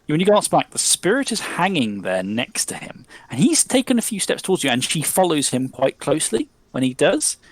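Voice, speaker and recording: A man's voice: fairly high pitch, big pitch swings, moderate pace, few pauses, no echo, rough recording. A man narrating a tabletop role-playing game as game master, rambling with many ums and likes.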